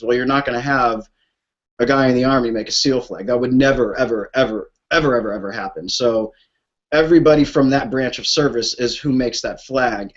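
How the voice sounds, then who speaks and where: Over a lo-fi call line, a man on a group call talks passionately about his veterans' flag program. His mid-range voice is emotional and blunt as he swears and repeats himself.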